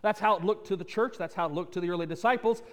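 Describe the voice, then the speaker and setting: A man preaching a sermon as pastor, animated and repetitive, with playful asides. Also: high-pitched, very fast, big-room sound.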